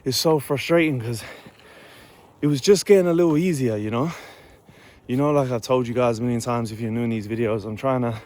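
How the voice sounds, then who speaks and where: A man's voice: medium pitch, fairly quick, darkish tone. Laid-back young man with an Essex accent. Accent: Essex English. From Essex, England. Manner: rambling, laid-back, swears freely. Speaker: fitness vlogger. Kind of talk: casual vlog talk. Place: outdoors on an early morning walk.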